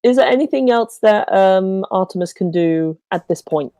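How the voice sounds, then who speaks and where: A woman's voice: mid-range voice, animated, normal speed, warm tone, slight background noise, poor audio. A woman playing a tabletop game in casual chat, hesitant, with many ums and cheerful swearing. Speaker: player.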